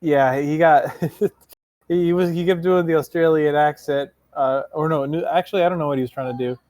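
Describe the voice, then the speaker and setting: A man's voice: a little high, moderate pace, no room sound. Rambling man telling a story in voice chat. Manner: rambling, animated storytelling with restarts. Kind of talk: casual voice chat.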